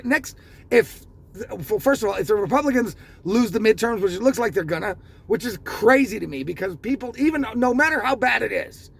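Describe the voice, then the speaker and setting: A man's voice: extremely high pitch, creaky, breathy edge. A man from the United States giving a heated, profane political rant as a vlogger, repeating himself for emphasis. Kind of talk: ranting political commentary.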